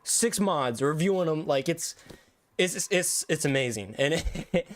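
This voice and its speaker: Effusive young male streamer, raised pitch. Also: animated, unhurried, a little hiss or hum. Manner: effusive, thankful, rambling with restarts. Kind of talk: casual livestream sign-off chat. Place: his room at home.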